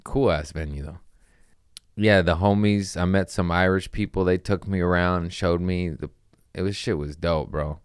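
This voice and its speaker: Low-voiced man telling rambling, profane stories. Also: steady tone, moderate pace, clean tone, dry recording, studio quality. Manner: profane, rambling, says bro a lot. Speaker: comedian and podcast host. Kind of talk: casual podcast storytelling.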